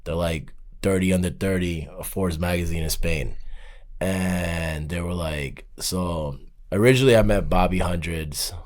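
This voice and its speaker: Guy rambling through a story on a podcast, lowish voice, does all the voices. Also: unhurried. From Miami. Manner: animated, acts out quoted dialogue. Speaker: podcast guest, artist. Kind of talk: casual storytelling.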